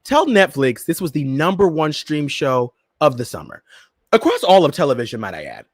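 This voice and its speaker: A man's voice: a little high, moderate pace, no room sound, clean studio sound. A man hosting a casual pop-culture commentary show, sassy and campy, talking to his listeners like old friends. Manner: sassy, campy, animated, addresses listeners as "girl" and "Miss Thing". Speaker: podcast host.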